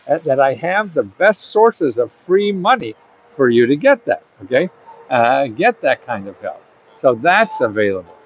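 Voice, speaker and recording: A man's voice: fairly high pitch, slight background noise. Chatty man with a dull, lo-fi sound. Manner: rambling and chatty, with bursts of emphatic urging. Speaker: host giving grant advice. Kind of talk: casual direct-to-camera talk. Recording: dull, dry lo-fi audio.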